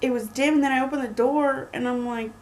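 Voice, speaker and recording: A young woman telling a story in a chatty, animated way, full of likes. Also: high voice, brisk, low-quality recording. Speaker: vlogger. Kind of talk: casual storytelling.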